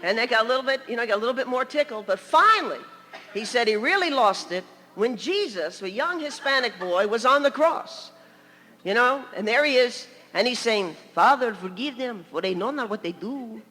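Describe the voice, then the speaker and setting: A woman's voice: fairly high pitch, expressive, normal speed, bright, forceful tone, big-room sound. An older woman from New York preaching a sermon as a story, chatty, with laughing asides and many "you know"s.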